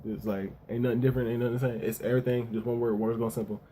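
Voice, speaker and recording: A man's voice: mid-range voice, flat delivery, racing, dark tone, a little hiss or hum. A man casually reviewing a manga chapter, talking loosely in slang with plenty of "yo" and "you know what I'm saying.".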